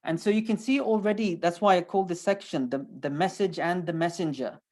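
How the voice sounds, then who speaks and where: A man's voice: high voice, fairly quick, a little mellow. A man teaching a lecture on scripture, speaking emphatically and building points through repetition. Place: online lecture.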